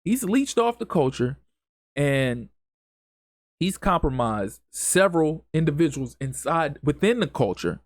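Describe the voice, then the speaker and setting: A man's voice: fairly high pitch, big pitch swings, unhurried, dry recording, clean studio sound. A man hosting a solo podcast, speaking in an impassioned, emphatic way with lots of repetition and casual grammar. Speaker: podcast host.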